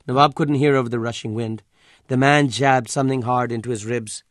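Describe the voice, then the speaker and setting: A man narrates an audiobook in a steady, measured way. His voice sits in a middle pitch, and the recording is dry and close with no room sound. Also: no echo. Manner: measured, even storytelling.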